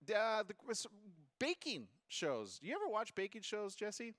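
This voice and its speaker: A male talk-show host whose voice leaps up and down as he chats, slightly high for a man. He throws in jokey asides and puns. The sound is dry and close, with no room around it. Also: huge pitch swings, moderate pace, fairly bright tone, no echo. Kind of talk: casual talk-show chat.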